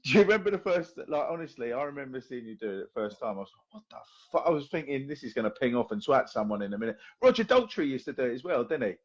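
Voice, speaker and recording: A man's voice: mid-range voice, sing-song, racing, few pauses. A man hosting a casual podcast interview, bantering and swearing with his guest. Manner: laid-back, banter-heavy, laughs along, swears. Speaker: podcast host. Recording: dull, distant mic.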